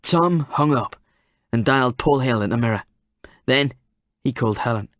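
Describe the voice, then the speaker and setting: A man reads a novel aloud, measured and even. His voice sits in a middle register. The close-miked studio sound is completely dry. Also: medium pitch, no echo. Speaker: audiobook narrator. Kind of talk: scripted narration.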